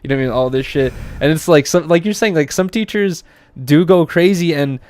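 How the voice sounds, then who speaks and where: A man's voice: on the high side, a little fast, a little mellow, dry recording. A young man hosting a casual podcast, telling rambling stories with lots of fillers and swearing. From Russia. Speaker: podcast host.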